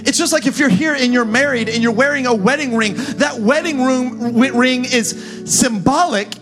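Faint music plays behind a very high-pitched pastor preaching at a moderate pace. He guides listeners through his points, then climbs into fervent, shouted calls.

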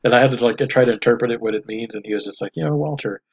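Husky man rambling through a fan story. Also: mid-range voice, flat delivery, racing, muffled recording. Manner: rambling, laughing storyteller with many fillers. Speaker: podcast co-host. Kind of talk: casual chat.

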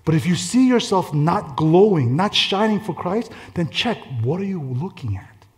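A male pastor preaching a conversational sermon, telling stories in an animated way and laughing through them. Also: sits high, normal speed. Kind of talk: storytelling sermon.

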